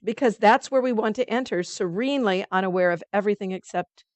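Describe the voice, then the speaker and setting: A woman's voice: mid-range voice, fast talker, a little mellow, no room sound. Chatty woman leading a spiritual study group. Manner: reads passages aloud, then comments in a chatty way; loose and conversational, with many fillers.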